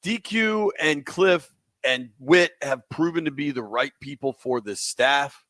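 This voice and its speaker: A man's voice: on the high side, expressive, measured pace, fairly bright tone, dry recording. A man hosting sports talk radio, taking listener calls in a casual, slangy way.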